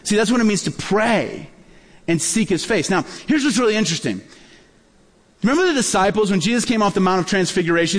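A man preaching a sermon as a pastor, telling stories and acting out the dialogue in them. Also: high-pitched. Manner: animated, acts out dialogue in his stories. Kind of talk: sermon storytelling. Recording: long hall reverb.

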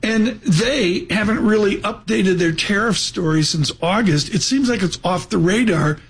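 Husky high-pitched male radio host. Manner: rapid, rambling and chatty. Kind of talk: live business broadcast chat.

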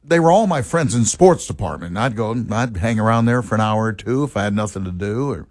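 A man's voice: lowish voice, animated, quick pace, darkish tone, no echo, clean studio sound. A man co-hosting morning talk radio, wry and teasing, also reading sports headlines. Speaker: radio show co-host. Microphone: studio mic.

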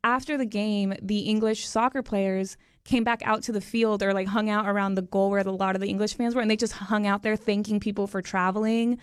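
A woman's voice: medium pitch, fairly even intonation, brisk, hardly any pauses, smooth, no echo, studio quality. A woman co-hosting a radio morning show, telling a story in an enthusiastic, chatty way. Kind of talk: casual chat.

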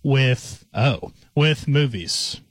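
A man reading trivia questions on a sports talk show, running through the clues briskly. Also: medium pitch, animated, breathy edge, dry recording, clean studio sound. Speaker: trivia quiz reader.

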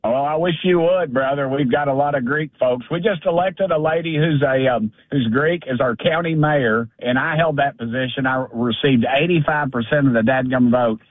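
A man's voice: mid-range voice, moderate pace, few pauses, no echo. Folksy man fuming down a phone line. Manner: blunt, folksy, heated, repeats himself. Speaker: congressman calling in. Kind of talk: fired-up political call-in. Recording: dry tinny phone line.

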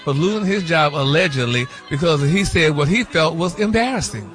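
A man's voice: on the high side, animated, normal speed, a bit bright, faint music behind. A man delivering celebrity gossip on a radio morning show in a flamboyant, sassy manner, calling everyone honey. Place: radio studio.

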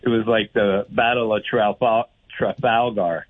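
A man's voice: lowish voice, fairly even intonation, a little slow. A man calling into a radio show and telling a story in a chatty, hesitant way, with many fillers. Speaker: radio caller. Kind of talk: casual anecdote over the phone. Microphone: telephone. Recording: tinny phone line.

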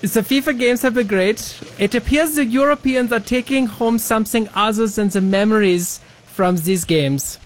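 A man's voice: sits high, slow pace, hardly any pauses, fairly bright tone, a little hiss or hum, voice pushed up. A man reading a news line in a put-on German accent, with an exaggerated, sing-song delivery. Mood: mock-serious.

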